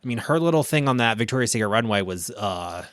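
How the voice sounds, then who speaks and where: A man hosting a podcast, chatting in an animated, gossipy way and laughing easily. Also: mid-range voice, quick pace, no room sound, studio quality. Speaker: podcast host. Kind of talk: casual gossip chat.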